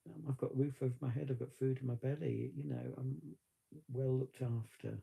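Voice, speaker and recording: A man talks in a rambling, reflective way on a live stream, now and then tearful. His voice is gravelly and husky and sits deep and dark. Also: steady tone, fairly quick. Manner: reflective, rambling, with frequent fillers. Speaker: vlogger. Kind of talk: casual live-stream chat.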